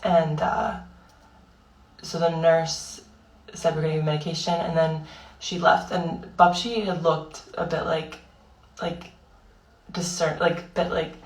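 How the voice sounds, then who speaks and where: Tearful young woman, slow and halting. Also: low voice, flat delivery, reverberant, recorded from a distance, poor audio. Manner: halting and raw, heavy swearing, many fillers. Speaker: vlogger. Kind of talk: emotional personal monologue.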